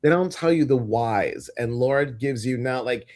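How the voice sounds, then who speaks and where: Man, live-stream co-host, chatty and animated, mid-pitched voice. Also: measured pace, hardly any pauses. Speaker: co-host of a live intuitive show. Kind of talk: casual live-stream chat.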